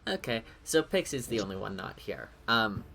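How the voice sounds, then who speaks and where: A game master closing a scene and opening a session of a tabletop game, slow and easygoing, often laughing. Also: medium pitch, sing-song, creaky, a little hiss or hum. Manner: slow, laughs easily, gently directs the table. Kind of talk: game master narration and banter.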